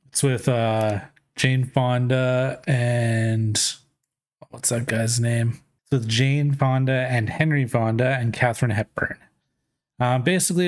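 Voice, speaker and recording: A man hosts his own vlog and talks casually in a relaxed, unhurried way. He often pauses on fillers as he goes. His voice sits at an ordinary middle pitch. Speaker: vlog host. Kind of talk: casual chat.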